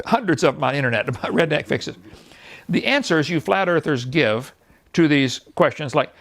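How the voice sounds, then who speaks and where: With a gravelly, slightly high voice at normal speed, a sixty-something evangelist preaches scornfully. He laughs at the positions he attacks, tells animated stories, and acts out the people in them by quoting them in different voices.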